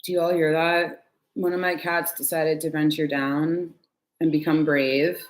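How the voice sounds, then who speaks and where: Chatty, lower-voiced woman reading tarot. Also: flat delivery, a little slow. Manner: chatty and candid, swears and sighs. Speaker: tarot reader. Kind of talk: casual live tarot reading. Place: at home.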